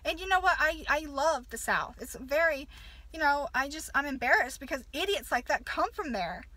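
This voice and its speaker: Southern-born woman vlogger, heated rant, high pitch, dry recording. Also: animated, sharp tone, no room sound. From American South. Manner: heated, swearing, halting restarts. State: upset. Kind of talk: angry rant to camera.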